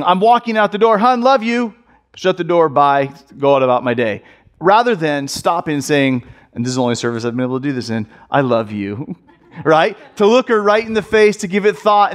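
A man preaching a sermon in a casual, conversational way, often repeating phrases for emphasis. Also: fairly high pitch. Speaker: pastor.

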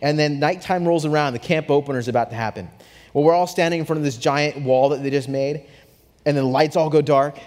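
A young adult man preaching a sermon, telling a story with animated swings from hushed to excited. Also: fairly high pitch, a little fast. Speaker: pastor. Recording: long hall reverb.

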